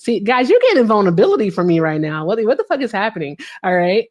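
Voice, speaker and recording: A woman with a mid-range voice talks a little fast with few pauses while telling a story on her livestream. Casual and animated, she laughs often and swears freely.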